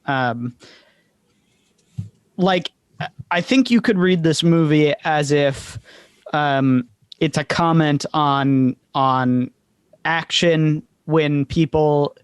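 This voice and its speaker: A man on a podcast thinking out loud about films, stumbling over his words and restarting often. His voice sits a little high for a man. The recording is dry and close, with no room sound. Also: clean tone, dry recording. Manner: halting, stammering, searching for words. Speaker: podcast co-host. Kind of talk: casual film discussion.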